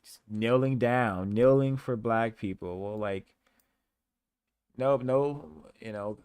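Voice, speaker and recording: Slow, deep-ish man hosting commentary. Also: darkish tone, clear, resonant tone, no room sound, studio quality. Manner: earnest, emphatic. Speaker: host.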